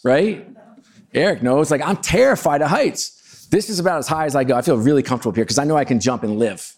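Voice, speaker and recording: A middle-aged man giving a storytelling talk to a live audience, chatty and self-deprecating with plenty of asides. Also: on the high side. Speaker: keynote speaker.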